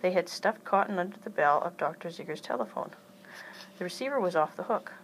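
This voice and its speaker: A woman reading a children's chapter book aloud in an even storytelling manner. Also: on the low side, brisk, a little hiss or hum, low-quality recording. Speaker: reader.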